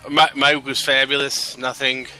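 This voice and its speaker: Deadpan joking guy on a radio show, super bright sharp voice, little music underneath. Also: medium pitch, moderate pace. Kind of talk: casual chat.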